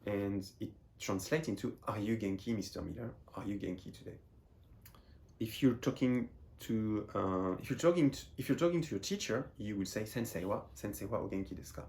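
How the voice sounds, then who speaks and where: A man from France with a fairly low voice teaching a beginner class. He explains patiently and circles back over his phrases as he works through each point. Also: expressive, moderate pace, a little mellow. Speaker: Japanese teacher. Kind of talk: explaining lesson.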